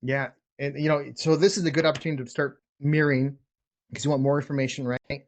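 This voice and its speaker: A man's voice: a little high, level tone, fast. A man coaching sales negotiation in a casual teaching talk, blunt and emphatic, often restarting his words. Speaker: real estate wholesaling coach.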